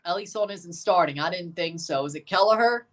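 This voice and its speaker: A woman's voice: on the low side, a little fast, distant mic. A woman hosting a live watchalong stream, chatting with opinions and reacting aloud to the plays as they happen. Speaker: livestream host.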